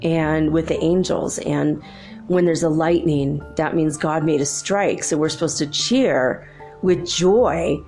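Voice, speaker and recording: A woman's voice: sits low, slow, soft background music. A woman hosting her own spiritual channel, chatting casually and telling a childhood story with frequent laughter. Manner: chatty, laughs often, lively retelling.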